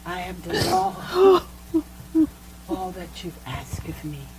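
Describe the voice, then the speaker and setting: Slow, fervent woman minister praying. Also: lowish voice, huge pitch swings, slight background noise, rough recording. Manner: fervent, slow and deliberate, preacherly. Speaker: Christian minister.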